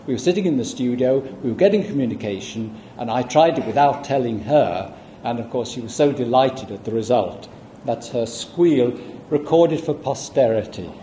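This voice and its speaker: A man giving a public lecture, explaining at a measured pace with asides to the audience. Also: medium pitch, animated, warm tone, a little hiss or hum. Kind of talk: public lecture with audio playback. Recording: echoey room, faint ambience.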